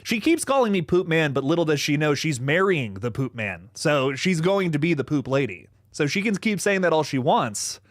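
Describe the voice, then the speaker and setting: Animated rambling man hosting a livestream. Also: a little high, moderate pace, hardly any pauses, no room sound, studio quality. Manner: animated, rambling, swears freely, laughs often. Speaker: livestream host. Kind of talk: casual livestream chat reading viewer comments.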